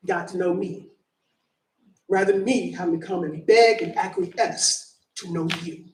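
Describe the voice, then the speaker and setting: A man's voice: high voice, a little slow, darkish tone. A man in his fifties from San Francisco giving an emphatic, repetitive public comment at a meeting, addressing people directly and mumbling at times. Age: 50s. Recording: echoey meeting room from far off.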